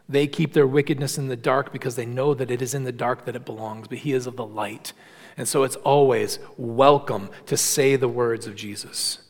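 A man preaching a sermon in earnest, shifting between quiet low passages and raised emphatic ones, often repeating words as he restarts. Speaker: pastor. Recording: long hall reverb.

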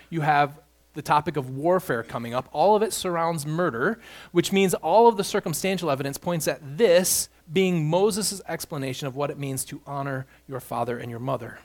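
A man preaching an expository sermon, building emphasis on key points as he walks through scripture. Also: on the high side. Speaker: pastor.

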